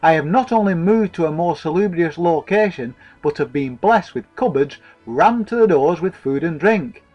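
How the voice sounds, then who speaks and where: A man's voice: on the high side, lively intonation, normal speed, a little mellow, muffled recording, faint music behind. A man voicing a jovial, wily fat man, chortling and using mock-grand words.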